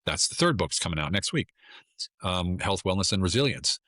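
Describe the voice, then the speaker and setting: A man's voice: sits low, very animated, moderate pace, sharp tone, no room sound, studio quality. A middle-aged American man, a guest on a casual podcast, talking in a blunt, emphatic way and often repeating himself. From United States.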